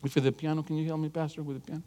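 A middle-aged man preaching a sermon in an animated, emphatic way, telling stories to a congregation. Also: on the high side, racing. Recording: guitar and piano music underneath.

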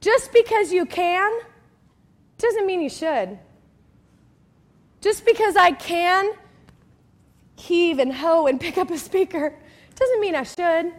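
A woman's voice: very high-pitched, expressive, slow pace, pauses often. A woman pastor giving a chatty, emphatic sermon, often checking in with the crowd and acting out little scenes. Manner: acts out quoted people in story.

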